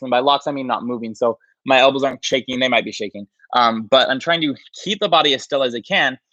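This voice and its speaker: A man's voice: a little high, a bit bright, no room sound, muffled recording. A man leading a livestreamed yoga class, casually counting down poses while out of breath. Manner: counts down holds, casual and chatty. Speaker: yoga instructor. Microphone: livestream mic.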